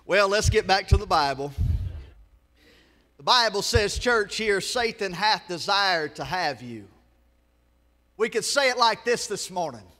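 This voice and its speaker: A Southern US man preaches in a very high, bright, ringing voice, swelling into shouts and dropping into joking asides to the congregation. His sermon carries a long church-hall reverb. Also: expressive, measured pace, pauses often. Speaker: pastor. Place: church sanctuary.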